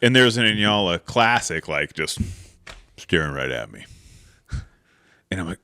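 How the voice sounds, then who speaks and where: A man's voice: sits low, sing-song, measured pace, pauses often, pushed and bright, clean tone, no echo, clean studio sound. A man hosting a podcast, telling a hunting story in a casual, rambling way, full of "like" and "right?" and acting out the people in it. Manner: rambling, with many "like" and "right?" fillers; acts out the people in his stories. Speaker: podcast host.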